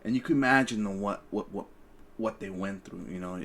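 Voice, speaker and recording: A man's voice: fairly low pitch, brisk, a bit bright. A young man hosting a podcast, telling stories in casual chat, profane and rambling with lots of stammered restarts. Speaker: podcast host.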